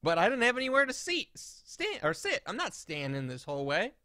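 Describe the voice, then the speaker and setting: Fairly quick and high-pitched, this podcast co-host is captured in clean studio sound without echo. He chats casually, telling indignant, animated stories and acting out the quotes.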